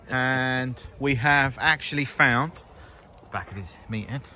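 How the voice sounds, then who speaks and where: A man in a relaxed, teasing mood, giving a running commentary as he films his friends outdoors. He laughs easily and ribs the others. Loud outdoor noise sits under his voice. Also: mid-range voice, slow. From England. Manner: jokey, teasing, laughs often. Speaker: vlogger filming a magnet fishing outing. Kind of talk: casual filmed running commentary. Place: outdoors by a river. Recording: noisy outdoor recording.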